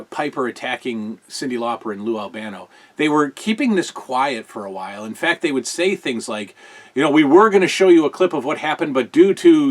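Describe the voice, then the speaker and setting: A man's voice: medium pitch, a bit bright. A man hosting a show, chatting casually as he reviews old wrestling broadcasts, rambling with lots of fillers and amused asides. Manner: amused, often chuckling.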